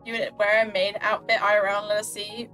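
A woman's voice: medium pitch, flat delivery, brisk, fairly bright tone, soft background music. A woman streamer chatting casually with her viewers while she plays, often giggling and flustered. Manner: giggly, flustered, talks to chat. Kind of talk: casual live-stream chat while gaming.

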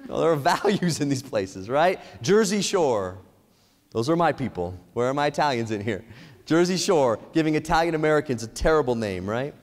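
A man giving an energetic motivational speech on ethics, asking the audience many questions. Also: on the high side. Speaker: speaker at an ethics event. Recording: echoey hall reverb.

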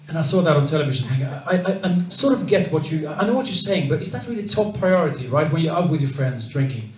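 A man's voice: on the high side, animated, fast, few pauses, crowd noise. A man from Sweden with a Swedish accent, performing a stand-up comedy set and slipping into voices for the people he quotes. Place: comedy club stage with live audience. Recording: roomy club sound with loud audience laughter.

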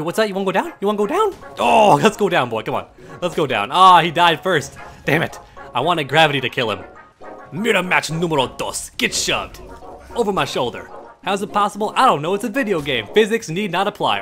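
A man giving live gameplay commentary as a channel host, taunting opponents and swearing, dropping low to mutter and then jumping up in excited yelps. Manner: trash-talking, taunting, swearing.

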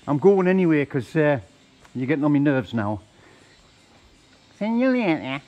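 A man with a fairly high voice holds a comic argument with himself out in his yard. He swears freely and keeps switching between an agitated high voice and a low, steadying one. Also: very animated, moderate pace, dull audio, faint music behind. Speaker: vlogger working alone on his yard. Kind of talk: comic self-dialogue. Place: outdoors at a work yard.

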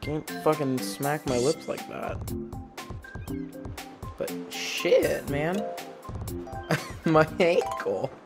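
A gamer giving casual, profanity-heavy commentary while playing, muttering to themself and breaking into loud frustrated outbursts. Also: medium pitch, very slow, long pauses, music in the background. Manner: swears a lot, mutters to self between loud frustrated outbursts. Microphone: gaming mic.

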